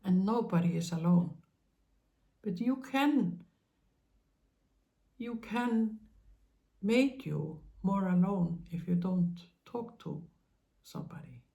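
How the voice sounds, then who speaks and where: Slow, gravelly-voiced gentle woman. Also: mid-range voice, animated. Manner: slow, halting, with many pauses and fillers; speaks to listeners with tender reassurance. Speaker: spiritual channel host. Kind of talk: gentle spiritual monologue.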